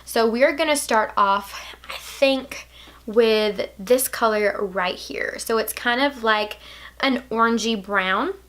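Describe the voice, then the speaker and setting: A young woman with a Southern accent talks through a makeup tutorial in a casual, playful way. Her voice sits a little high, and she often drops into quiet asides. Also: slow. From Alabama, US. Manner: chatty, playful, drifts into soft asides. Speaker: beauty vlogger.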